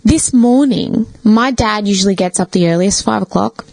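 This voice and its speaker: A woman's voice: medium pitch, moderate pace, vocal fry, a little mellow, poor audio. A woman, a podcast guest telling a personal story in casual chat, swearing freely and filling with "like". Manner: chatty, swears freely, fills with "like".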